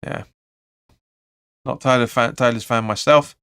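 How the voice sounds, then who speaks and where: Smooth-voiced man commentating live. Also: medium pitch, steady tone, a little slow, a bit bright. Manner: chatty play-by-play, reads viewer comments, blunt opinions. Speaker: fan channel host. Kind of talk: live match watch-along commentary.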